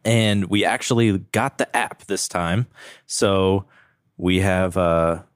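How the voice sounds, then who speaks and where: Low voiced guy cohosting a podcast, joking around while rating whiskey, dry close sound. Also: fairly even intonation, slow, clean tone, no echo. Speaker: podcast co-host. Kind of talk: casual chat.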